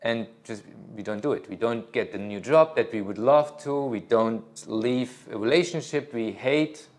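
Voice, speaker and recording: A man's voice: mid-range voice, normal speed. A middle-aged man, a yoga teacher, talking casually at a studio workshop, rambling with many fillers and restarts.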